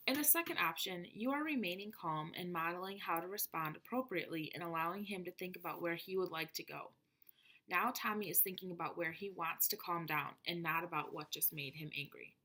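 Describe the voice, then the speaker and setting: Woman, lower voice, reads a prepared lecture on classroom methods, steady and explanatory. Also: brisk. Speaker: presenter of teaching methods. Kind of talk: reading a prepared presentation.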